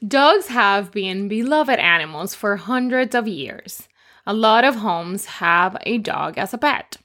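A woman co-hosting a children's lesson, teaching simple Spanish words and telling playful jokes in a slow, cheerful voice. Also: medium pitch, animated, sharp tone.

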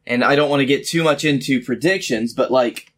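A man co-hosting a casual wrestling podcast, relaxed and swearing now and then. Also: medium pitch, brisk. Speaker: podcast co-host.

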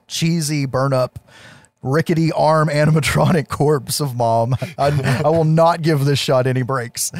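A man co-hosting a casual podcast, retelling a movie scene by scene with lively, laughing energy and some swearing. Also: a little high, dry recording. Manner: animated storytelling, acts out quotes with laughs, swears. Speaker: podcast co-host. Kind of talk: casual film recap chat.

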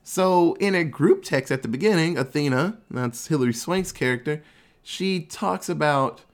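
At a moderate pace and a fairly high pitch, a man casually recaps a movie plot. He tells it animatedly, acting out the characters' quotes, swearing and laughing as he goes.

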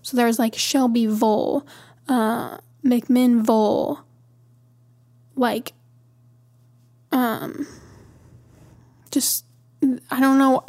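A woman from Montana hosting a podcast, talking in a chatty, rambling way and easily amused. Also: a little high. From Montana, USA. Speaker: podcast host. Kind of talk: casual monologue.

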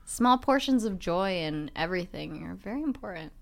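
A woman's voice: lowish voice, lively intonation, moderate pace, gravelly. A young adult woman, a podcast guest, frankly telling her own story in loose, rambling clauses full of "like". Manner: frank, speaks in loose run-on clauses with many "like" fillers. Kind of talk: candid storytelling in conversation.

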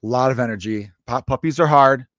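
A man's voice: mid-range voice, a little fast, fairly bright tone, no room sound, studio quality. A man in his thirties hosting a comedy podcast, telling a loose, profane, jokey story.

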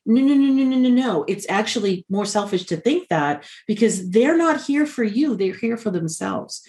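A woman talking as a podcast guest in an emphatic, animated way, speaking over a video call. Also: mid-range voice, moderate pace, few pauses. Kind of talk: casual podcast conversation.

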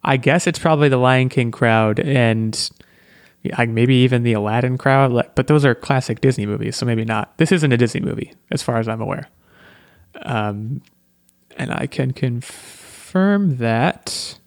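A man's voice: mid-range voice, measured pace, dry recording. Chatty man on a dry mic. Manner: chatty, hedging, lots of "like" and restarts. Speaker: podcast host. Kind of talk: casual chat.

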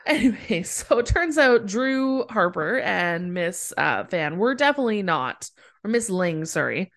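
A woman's voice: medium pitch, sing-song, unhurried, fairly bright tone. A woman co-hosting a podcast, recapping a TV episode in casual chat and laughing often mid-sentence. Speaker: podcast co-host.

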